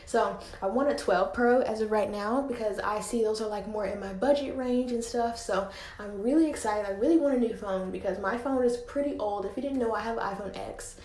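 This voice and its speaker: A woman's voice: mid-range voice, fairly quick, a little mellow, roomy sound. A teenage girl hosting her own podcast, chatting casually with lots of filler words. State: slightly out of breath. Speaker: podcast host. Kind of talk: casual solo podcast chat. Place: home room, indoors.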